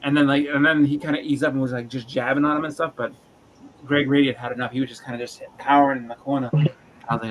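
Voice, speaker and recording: A man's voice: mid-range voice, level tone, fast talker, slight background noise, low-quality recording. A man chatting casually on a livestream, telling rambling stories and acting out quotes in funny voices. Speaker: livestream co-host. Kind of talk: casual chat.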